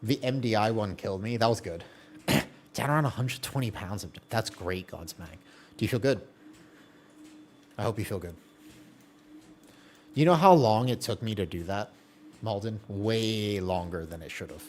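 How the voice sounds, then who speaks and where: Casual live-stream talk from a man gaming, who reads viewer chat aloud and answers it, laughing frequently and leaving sentences unfinished. His voice is fairly low and darkish, animated, at normal speed with frequent pauses. Slight background noise is audible.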